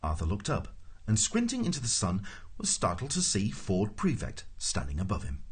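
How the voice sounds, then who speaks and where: A low, husky male voice narrating an audiobook with dry, wry timing. His pitch moves a lot, lively and animated across each sentence. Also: normal speed. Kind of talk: scripted narration.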